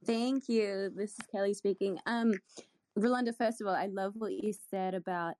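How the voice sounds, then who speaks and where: A woman's voice: mid-range voice, steady tone, moderate pace, a little mellow, dry recording. A woman from Australia asking a polite, slightly hesitant question at an online panel. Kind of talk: casual question.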